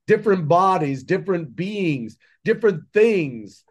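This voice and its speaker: This man speaks in a notably high register for a male voice. He delivers a fervent, preachy monologue as a podcast guest, piling up rhetorical questions to drive his point home. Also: lively intonation, unhurried. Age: adult with children. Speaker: podcast guest, entrepreneur and mentor. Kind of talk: impassioned conversational monologue.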